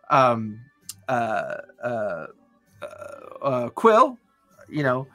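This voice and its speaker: A man's voice: mid-range voice, very animated, very slow, sharp tone, soft background music. A man hosting a casual chat about tabletop games, talking in long enthusiastic run-ons. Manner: rambling, enthusiastic, many restarts. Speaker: podcast host.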